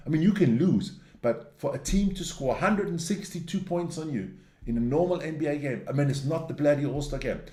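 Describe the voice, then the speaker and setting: A man's voice: a little high, a little mellow, roomy sound. A man hosting a sports news show, reading through results in a casual, blunt and opinionated way, ranting and cursing as he goes.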